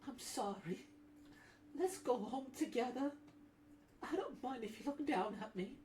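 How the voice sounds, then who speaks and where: A man voicing a timid, sweet young woman in a comic reading, with a soft, hesitant delivery. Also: very high voice, lively intonation, a little slow, reverberant, slight background noise, voice pushed up. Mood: apologetic. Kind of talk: comic reading with voiced characters.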